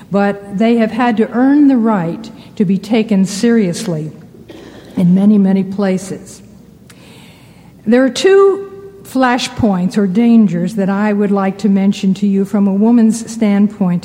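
A woman giving a measured talk to a church audience, with wry asides. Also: mid-range voice, dark tone, in a large hall. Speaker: speaker addressing ministers.

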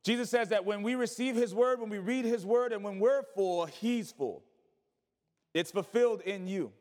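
A man's voice: high-pitched, moderate pace, a little mellow, big-room sound. A male pastor preaching a sermon, asking rhetorical questions and calling on the congregation to repeat words back.

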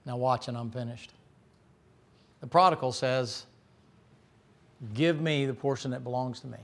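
A middle-aged man preaching a folksy, joking sermon that climbs to loud, shouting peaks. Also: medium pitch, measured pace, vocal fry. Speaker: pastor.

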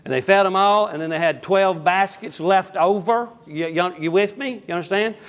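A preacher in his fifties, his voice sitting a touch higher than most men's. He reads scripture aloud and then drifts into rambling, funny down-home stories. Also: moderate pace. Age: 50s. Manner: rambling down-home storytelling with humorous asides. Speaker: pastor. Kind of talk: folksy sermon with scripture reading.

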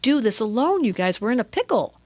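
A middle-aged woman speaking as an interview guest, lively and expressive, often acting out inner voices and laughing. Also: fairly high pitch, fairly quick, dry recording. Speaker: guest, astrologer and author. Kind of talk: animated interview talk.

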